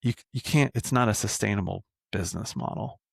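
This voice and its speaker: A man's voice: lowish voice, brisk, vocal fry, slightly rough, no echo, studio quality. A man working as a men's coach, talking casually in a podcast interview and tagging his points with "right?" and the odd swear word. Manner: conversational, frequent "right?" tags.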